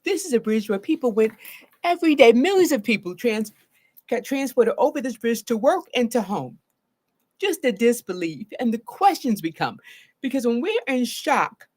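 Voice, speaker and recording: A woman therapist from Baltimore, speaking live to her viewers in an expressive way and acting out her own reactions as she talks. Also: a little high, normal speed. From Baltimore, Maryland. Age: adult with a grown daughter.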